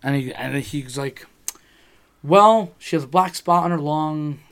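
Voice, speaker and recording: A man's voice: fairly high pitch, steady tone, normal speed, fairly bright tone. A man in casual chat, telling a rambling personal story, swearing freely and acting out what people said.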